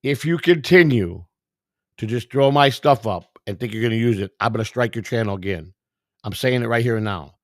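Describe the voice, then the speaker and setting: A man's voice: mid-range voice, animated, fairly quick, no room sound, clean studio sound. A tired man hosting a live stream, reading viewer comments and firing back at them in a combative, profane way. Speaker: livestream host.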